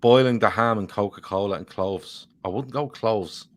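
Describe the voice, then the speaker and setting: A man with a fairly low voice, talking in a loose, rambling way. He swears freely and jokes his way through viewer comments. It is casual podcast chat between co-hosts. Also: normal speed. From Ireland.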